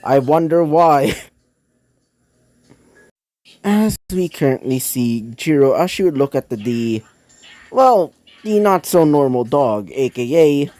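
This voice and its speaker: A man's voice: a little high, lively intonation, slow, pauses often, darkish tone, no room sound. A man reading his own fan fiction aloud in a casual, rambling way, with many fillers and self-corrections. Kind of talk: casual storytelling narration.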